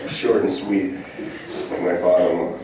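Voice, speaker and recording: Older man, very low voice, memorial eulogy, distant mic, echoing hall, faint background noise. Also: level tone, moderate pace. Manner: humorous storytelling. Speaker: eulogy speaker, son-in-law. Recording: echoey hall from far off.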